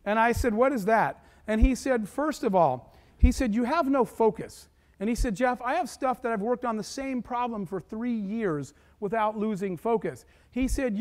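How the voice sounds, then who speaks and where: A man telling a long personal story to an audience as a keynote speaker, acting out the voices of the people he quotes. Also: sits high. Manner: animated, acts out quoted voices. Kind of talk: storytelling talk.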